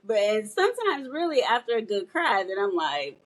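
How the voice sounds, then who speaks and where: A woman's voice: a little high, very animated, normal speed. A woman in a casual group chat, speaking openly with laughter and acting out the conversations she describes.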